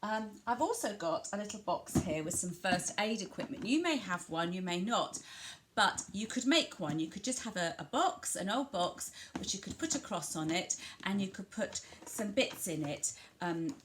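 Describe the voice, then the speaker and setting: A woman from England who gives a home video lesson to parents on early language play. She talks gently and reassuringly and slows down to stress the key words as she models them. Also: medium pitch, animated, background noise. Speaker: family centre early language practitioner.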